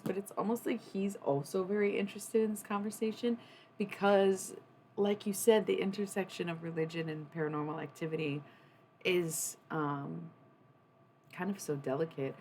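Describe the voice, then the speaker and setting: A woman's voice: low voice, a little hiss or hum. A young adult woman chatting casually on a livestream, rambling and swearing freely. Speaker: streamer.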